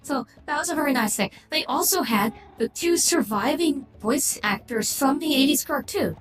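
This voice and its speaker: A woman's voice: high-pitched, lively intonation, normal speed. A woman streamer chatting casually on a livestream, rambling and opinionated, often restarting her sentences. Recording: echoey room with clear background noise.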